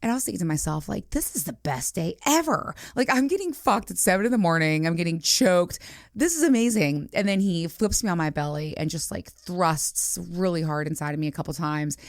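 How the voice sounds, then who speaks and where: Candid forties woman host, a little low in pitch, dry studio sound, explicit chatty delivery. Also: lively intonation, fairly quick, dry recording. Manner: frank, explicit, chatty with many fillers. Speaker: podcast host. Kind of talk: candid casual chat.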